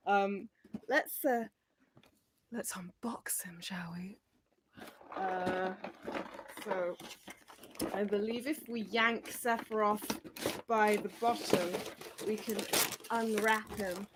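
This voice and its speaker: A woman's voice: fairly high pitch, noisy background. A woman teacher chatting casually on a livestream, rambling and giggling, with lots of fillers as she reads out viewer comments.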